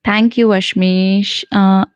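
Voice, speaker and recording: A woman's voice: mid-range voice, steady tone, slow pace, clean tone, no room sound, rough recording. A woman with an Indian English accent, a native Hindi and Punjabi speaker, hosting a casual live stream as a spoken English teacher. She reads viewer comments aloud and answers them in an encouraging, chatty way, with lots of fillers and restarts.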